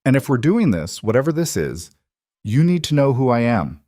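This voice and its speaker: A man voicing a guarded, brooding young mafia boss in a measured storybook read. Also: medium pitch, big pitch swings, a little mellow, no room sound, studio quality, voice pushed up.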